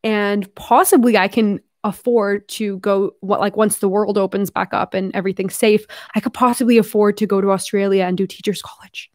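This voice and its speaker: A young Canadian woman talks casually to her viewers, rambling and dropping fillers as she goes. Her medium-pitched voice sounds close and dry, with no room around it. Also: steady tone, moderate pace, few pauses, no echo. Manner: chatty, rambling, heavy use of fillers and "like". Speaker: YouTuber opening fan mail. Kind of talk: casual vlog chat.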